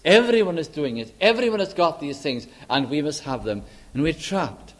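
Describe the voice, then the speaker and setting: A man preaching a sermon earnestly, repeating phrases for emphasis and pausing with frequent fillers. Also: on the high side, expressive.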